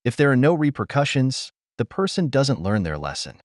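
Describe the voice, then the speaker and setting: A man's voice: mid-range voice, very animated, moderate pace, no echo, clean studio sound. A man hosting and narrating a scripted voice-over, preaching directly to male viewers. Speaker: host and narrator.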